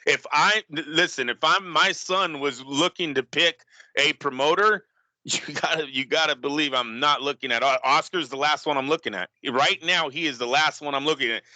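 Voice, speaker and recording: A man's voice: a little high, moderate pace, sharp tone, dry recording. A man on a boxing podcast panel, making emphatic points with short laughing asides. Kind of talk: casual boxing talk.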